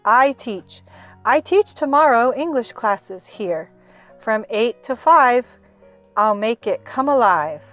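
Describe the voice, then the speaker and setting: A woman's voice: on the high side, animated, slow, fairly bright tone, soft background music. A woman reading aloud sings a cheerful song as a tiny storybook boy who believes he is a teacher. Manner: sung.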